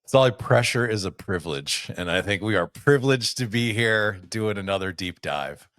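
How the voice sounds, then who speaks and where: Low-voiced man in his forties telling stories. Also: moderate pace, dry recording, clean studio sound. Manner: relaxed storytelling with many fillers. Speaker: podcast co-host. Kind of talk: casual chat.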